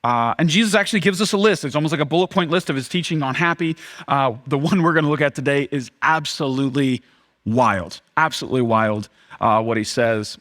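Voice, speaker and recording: A man's voice: fairly high pitch, quick pace, fairly bright tone. A young adult man, a pastor, preaching a sermon in a church, often acting out the crowd's reactions in a raised voice.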